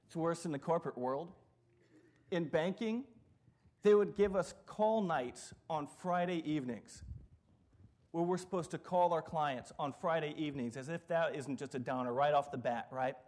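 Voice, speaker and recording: In his sermon, a middle-aged pastor spins funny anecdotes and performs the quotes of the people in them. He speaks at a normal speed in a somewhat high, slightly mellow voice.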